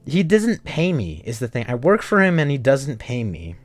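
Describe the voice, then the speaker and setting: A young man live-streaming a game, bantering loosely with his chat and cursing offhand. His pitch bounces around a lot as he jokes. Soft guitar music plays faintly behind him. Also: huge pitch swings, normal speed. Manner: joking, swears casually, banters with chat. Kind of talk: casual live-stream chat while playing a story game.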